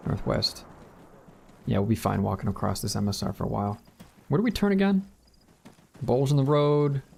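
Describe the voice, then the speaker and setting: A man's voice: medium pitch, fairly even intonation, moderate pace, creaky, a little mellow, breathy edge. A man streaming a multiplayer war game, chatting casually and calling orders to his squad over voice chat.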